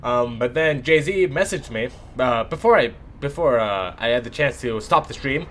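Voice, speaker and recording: A young man, an esports shoutcaster with a sore throat, telling a rambling, animated story between matches. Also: medium pitch, normal speed, slight background noise. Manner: animated, rambling anecdote with lively voiced asides.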